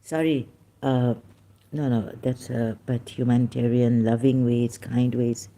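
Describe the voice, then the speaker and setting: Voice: mid-range voice, level tone, unhurried, dark tone. Agitated, rambling vlogger. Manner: agitated, rambling, with apologetic asides. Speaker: YouTube channel host. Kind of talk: ranting monologue to commenters.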